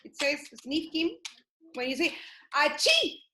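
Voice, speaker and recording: A woman's voice: sits high, unhurried, fairly bright tone, slight background noise. A woman from Peru with a Peruvian Spanish accent, a native Spanish speaker chatting in English over a video call, hesitant, with many fillers and self-corrections. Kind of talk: casual chat.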